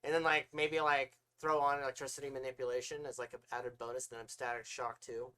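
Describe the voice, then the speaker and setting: A man co-hosting a casual podcast, telling long, animated stories, acting out voices and swearing often. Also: mid-range voice, brisk, clean tone. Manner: rambling, animated storytelling that acts out voices, with frequent swearing. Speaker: podcast co-host.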